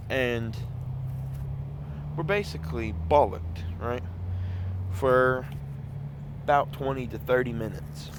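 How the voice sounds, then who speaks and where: A vlogger with a mid-range voice casually tells the camera a rambling story, packed with fillers and restarts, with background noise in the recording.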